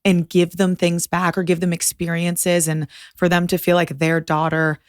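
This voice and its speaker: A young woman from Boston chats openly as a podcast guest, her light Boston accent slipping through a slightly low voice. She talks frankly and fills her sentences with "like." The sound is close and dry. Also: completely flat delivery, moderate pace, no room sound. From Boston, USA. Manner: chatty, frank, lots of "like". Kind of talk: casual interview chat.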